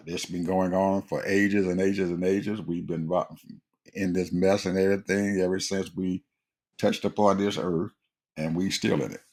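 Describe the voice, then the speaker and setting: A man's voice: low-pitched, a little mellow. A man in casual conversation who speaks emphatically, like a preacher, and addresses listeners as folks.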